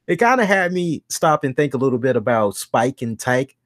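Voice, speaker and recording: A man hosting a wrestling review show in a casual chat, animated and acting out the voices he quotes. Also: mid-range voice, moderate pace, no room sound, clean studio sound.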